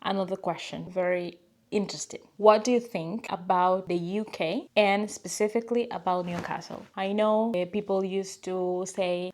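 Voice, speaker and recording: A young woman with a Spanish accent, a native Spanish speaker from a small tropical country, answering viewer questions in a casual, hesitant way with fillers and soft laughs. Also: mid-range voice, steady tone, moderate pace. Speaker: vlogger. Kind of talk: casual Q&A to camera.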